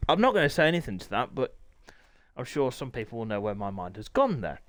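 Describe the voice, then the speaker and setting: A man hosting a live stream, commentating sim motorbike racing and chatting with viewers, often clearing his throat. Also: medium pitch, big pitch swings, fast, fairly bright tone, no echo.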